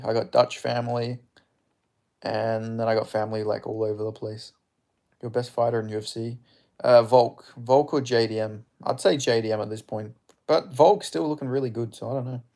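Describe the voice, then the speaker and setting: A young man talks through a live fight on stream in a casual, off-the-cuff way. His voice has a gravelly, creaky edge at a middling pitch. He reacts to the action, answers his viewers and swears without holding back. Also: darkish tone. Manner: chatty, reacting to strikes, reading viewer chat aloud; blunt, swears freely. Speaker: streamer hosting a live fight watch-along.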